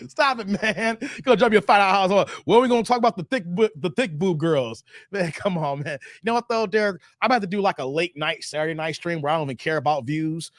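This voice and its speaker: A man in his thirties hosting a casual live stream, animated and laughing often, his voice a little strained from long streaming. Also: sits high, fast, hardly any pauses, no room sound, clean studio sound. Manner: animated, laughs often, breaks into playful sung bits. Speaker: live stream commentary host. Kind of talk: casual live stream chat reading donations.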